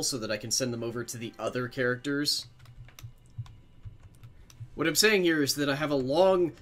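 A man's voice: medium pitch, a bit bright. A young adult man livestreaming a game, chatting casually with viewers in a rambling, self-deprecating way and swearing freely. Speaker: game streamer.

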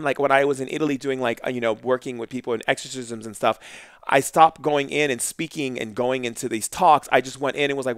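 Intense storytelling man, smooth voice. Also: medium pitch, brisk, no echo, studio quality. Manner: intense, animated storytelling with restarts, dropping soft for quotes. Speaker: shaman, podcast guest. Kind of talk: storytelling in conversation.

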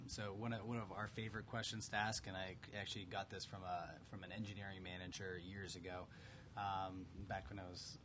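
A man working as a recruiter, answering on a conference panel with many restarts and pauses. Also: lowish voice. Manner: hesitant, many restarts and fillers.

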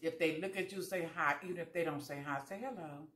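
A woman vlogger with a low-sitting, slightly bright voice chats quickly and casually to viewers while eating, in an echoey room. She tells folksy stories and acts out both sides of conversations.

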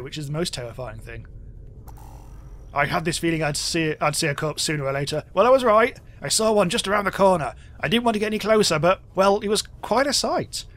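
A young man talks his way through a video game in a chatty, wry let's-play style, breaking into exclamations when something jumps out. His voice sits a little high and swings widely in pitch. He sounds close to a desk mic. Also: a bit bright. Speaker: gaming YouTuber.

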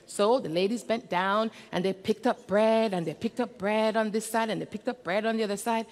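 A woman telling a story to children during a church service, animated and often quizzing the kids. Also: medium pitch, brisk, few pauses. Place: church sanctuary. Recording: reverberant church hall.

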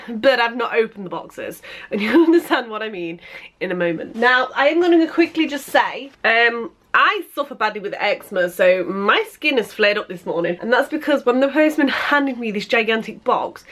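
A woman's voice: a little high, a bit bright. A British woman vlogging a casual unboxing, chatty and gushing, with frequent laughs and gasps. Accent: British English. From Britain.

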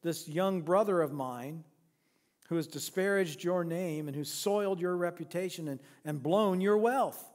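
A preacher doing an indignant older son. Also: male voice, sits high, unhurried, a little mellow, in a large hall. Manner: indignant, protesting. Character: resentful dutiful older son.

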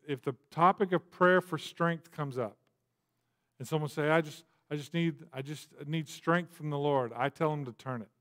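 A man preaching a sermon in a relaxed, conversational way, full of asides and fillers. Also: on the high side. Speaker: pastor. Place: church.

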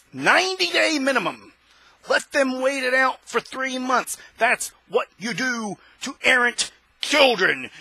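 A male host delivering an impassioned opinion monologue, preaching and rising to shouts. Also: high-pitched, husky, dry recording, rough recording.

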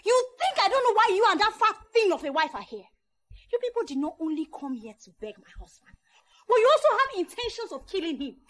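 A woman's voice: very high voice, big pitch swings, fast talker, a bit bright, exaggerated voice. An actress playing a furious Nigerian wife who hurls scornful threats at her brother-in-law.

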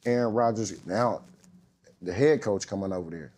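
A man in his thirties telling a story as a guest, relaxed and slangy, swearing freely and often asking "you know what I mean". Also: fairly low pitch, normal speed. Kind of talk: casual storytelling.

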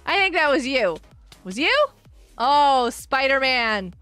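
A woman streaming a game live, giggling often and reacting excitedly while greeting her viewers. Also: high-pitched, slow, smooth, soft background music. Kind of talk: live-stream gameplay commentary.

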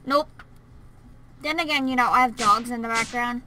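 A woman hosting a casual gaming session with friends over a call, playful, teasing and excitable. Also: fairly high pitch, moderate pace, noisy background. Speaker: channel host playing a block-building game.

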